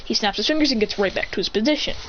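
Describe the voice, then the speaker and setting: A woman's voice: fairly high pitch, rapid-fire, slight background noise. A woman telling an improvised fan story in a rambling, self-correcting way, on a dull lo-fi recording.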